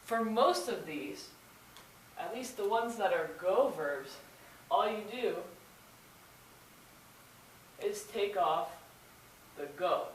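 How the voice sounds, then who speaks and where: A woman's voice: medium pitch, animated, slow pace, long pauses. A young woman teaching grammar, explaining the rules patiently, step by step. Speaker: Spanish teacher. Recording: echoey room, faint noise.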